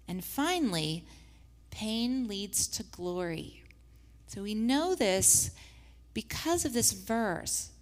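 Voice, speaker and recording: A woman teaching a faith-based lesson with slides, who acts out the scripture quotes in lively voices. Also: mid-range voice, long reverb tail. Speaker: Bible study teacher.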